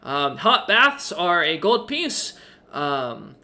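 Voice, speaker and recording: A man's voice: a little high, big pitch swings, slow pace, bright, forceful tone, pitched above the performer's own voice, exaggerated voice. A man voicing a cheerful, fussy little owl-like innkeeper with a chirpy, eager-to-please manner.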